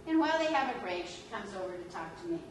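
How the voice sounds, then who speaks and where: Animated woman lecturer in an echoing hall. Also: mid-range voice, quick pace, slight background noise. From California. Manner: animated, laughs often, self-mocking humor. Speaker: religion instructor. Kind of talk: storytelling lecture. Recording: echoey hall taped from far off.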